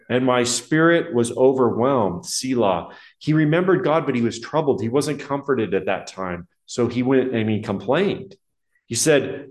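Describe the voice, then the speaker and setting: Earnest preacher in an echoey hall. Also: male voice, medium pitch. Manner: earnest, slows and stresses key words, drops to a hushed tone to reflect. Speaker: pastor. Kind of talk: expository sermon reading and explaining Psalms. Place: church hall with a projection screen. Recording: roomy, echoey hall sound.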